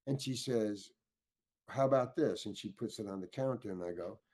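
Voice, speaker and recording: A man's voice: mid-range voice, lively intonation, moderate pace, a little mellow, breathy edge. An older man, an actor, tells an anecdote in an interview, stammering and restarting and acting out the people in his story as he gets worked up. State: getting worked up.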